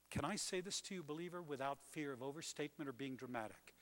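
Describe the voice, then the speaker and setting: An older man delivers a sermon, his voice moving from hushed and close to loud and declaring. His voice sits a little high for a man. The sound rings out with the long reverb of a large hall. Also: fast talker, hardly any pauses. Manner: dramatic swings from hushed to booming. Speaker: pastor.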